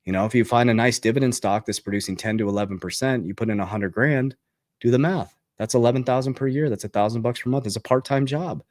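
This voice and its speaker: A man's voice: mid-range voice, quick pace, darkish tone, no room sound, studio quality. A man talking as a finance coach in an emphatic motivational monologue, repeating his key phrases and getting fired up.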